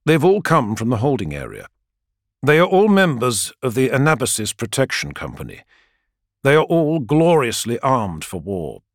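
A man's voice: medium pitch, normal speed, no echo. A man reading a dramatic story as audiobook narration, close to the mic. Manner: dramatic, expressive reading with lively swings.

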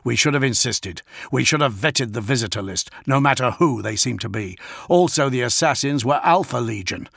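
A man reading a stern guard commander, formal and firm, taking the blame squarely. His low voice has a gravelly, husky edge, recorded close and dry. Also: lively intonation, normal speed, fairly bright tone, no room sound, exaggerated voice. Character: stern, dutiful male guard commander in helm. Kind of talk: audiobook character voice.

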